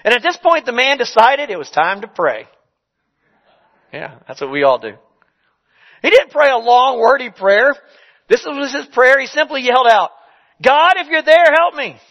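A man's voice: very high-pitched, very animated, moderate pace, pauses often, fairly bright tone, highs cut off. A man preaching a sermon in a conversational, storytelling way with emphatic repetition.

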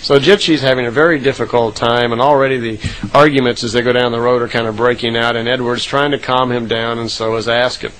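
A man's voice: medium pitch, steady tone, fairly quick, fairly bright tone, a little hiss or hum, rough recording. A man casually retelling a recorded account, rambling with frequent "uh" fillers and self-corrections.

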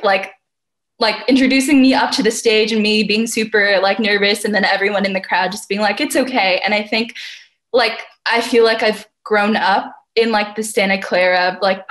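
A woman's voice: mid-range voice, steady tone, moderate pace, fairly bright tone. Young woman, acceptance speech, emotional, rambling, lots of "like". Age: young adult. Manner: emotional, rambling with many "like" fillers. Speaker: youth poet laureate.

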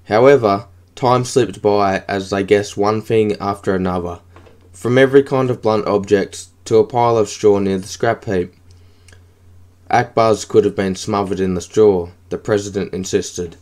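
A man narrating an audiobook in a steady, even reading. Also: lowish voice, normal speed.

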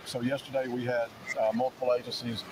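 Man giving a flat, factual press briefing. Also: mid-range voice, quick pace. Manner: steady, lists resources with frequent restarts. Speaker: emergency management director. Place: outdoors at a search site. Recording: outdoor briefing with loud background noise.

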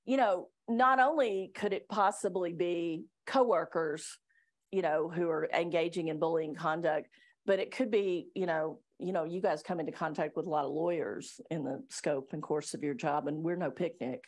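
A woman's voice: deep voice, steady tone, moderate pace. Chatty middle-aged woman leading staff training. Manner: chatty, self-deprecating, laughs often. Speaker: workplace trainer and attorney. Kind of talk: live training talk to staff. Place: meeting room with live audience.

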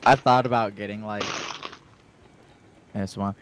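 A man's voice: lowish voice, fairly even intonation, moderate pace, noisy background. A man joining a livestream as co-player, chatting casually in a playful, jokey, rambling way. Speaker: co-player on stream. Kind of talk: casual chat.

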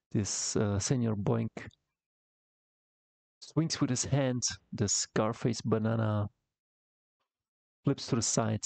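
Low gravelly man rambling through a comic tutorial. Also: mellow, no echo. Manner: rambling, halting, many fillers and restarts. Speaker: comic artist teaching. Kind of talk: casual tutorial narration over artwork.

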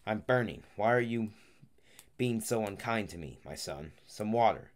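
A man's voice: fairly low pitch, animated, moderate pace, close to an everyday voice. A man reading the part of a dying old father who pleads weakly for water. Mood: pleading. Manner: plaintive, begging.

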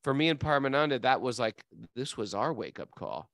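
A man's voice: medium pitch, sing-song, a little fast, creaky, a bit bright, dry recording, studio quality. A man co-hosting a casual spiritual talk, telling stories with animation and laughing easily. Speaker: podcast co-host. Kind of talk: casual spiritual chat, reading song lyrics.

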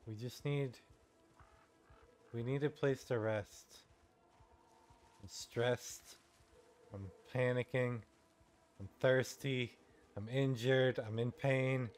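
A man's voice: mid-range voice, steady tone, slow, long pauses. A man giving let's-play commentary, reacting nervously to a game and swearing when things go wrong. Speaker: gaming YouTuber. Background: faint game music.

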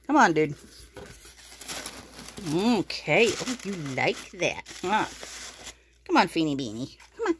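Hosting a casual pet unboxing vlog, this woman speaks slowly in a fairly low voice with big pitch swings and long pauses. She showers her rabbits with fond, cooing baby talk while slightly out of breath, against a noisy background.

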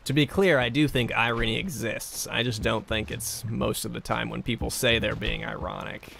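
A man's voice: mid-range voice, fairly even intonation, normal speed, gravelly, fairly bright tone, a little hiss or hum. A man casually chatting on a livestream, rambling and self-deprecating as he reads and answers chat. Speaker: streamer.

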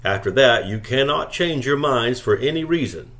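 A man's voice: medium pitch, expressive, fairly bright tone, pitched above the performer's own voice. A man doing a formal, serious official. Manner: formal, measured.

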